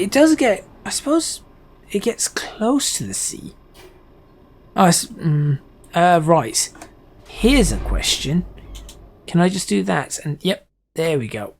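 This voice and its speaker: A man's voice: fairly high pitch, a little hiss or hum. A man giving casual gameplay commentary, thinking aloud with hesitant restarts as he drives. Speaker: gaming channel host.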